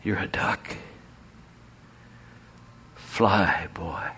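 A man playing a hushed, gentle duck lord. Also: animated, measured pace, slight background noise. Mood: tender. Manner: low, quiet, coaxing. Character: wise, gentle lord of the ducks, calm and commanding.

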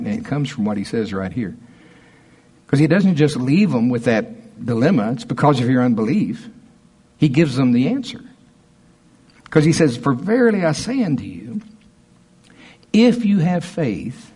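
A man preaching a sermon as pastor, conversational and emphatic, rising to forceful punches. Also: mid-range voice, breathy edge.

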